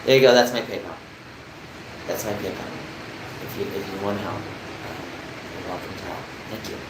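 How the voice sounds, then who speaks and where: A man's voice: on the low side, moderate pace. Young male streamer from New Jersey, rambling live chat with viewers, echoey room with faint air-con hum. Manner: chatty, rambling, answers chat comments. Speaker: livestreamer.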